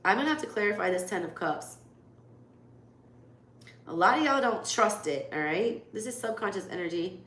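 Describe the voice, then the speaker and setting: Her mid-range voice is animated and a bit bright, moving at normal speed but broken by long pauses. She's a Southern US tarot reader giving a live, casual, blunt reading and swearing freely. Faint background noise fills an echoey room.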